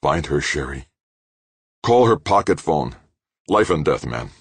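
A man with a low, creaky voice reading an audiobook, voicing an injured man who speaks weakly but urgently. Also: big pitch swings, a little slow, dry recording, heavily acted. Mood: pained. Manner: weak, strained, urgent.

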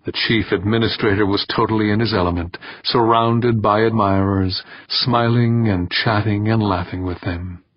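A man reading a novel aloud in a steady, measured narration. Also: on the low side, dry recording. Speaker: audiobook narrator. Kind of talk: scripted narration. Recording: dull lo-fi dry recording.

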